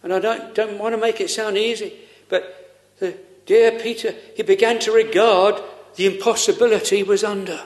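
A man preaching a solemn, earnest sermon with slow pauses, quoting old scripture. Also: high voice, fairly even intonation.

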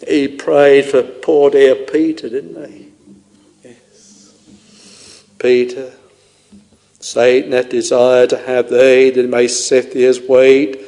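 A man preaching a sermon, tenderly addressing his listeners in a slow, intoning way. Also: mid-range voice, flat delivery, dark tone. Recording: long reverb of a large hall.

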